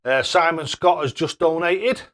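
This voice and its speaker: A man's voice: a little high, unhurried, fairly bright tone. A man hosting a casual live stream, chatting away and thanking viewers by name with matey banter. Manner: matey banter, calls people mate.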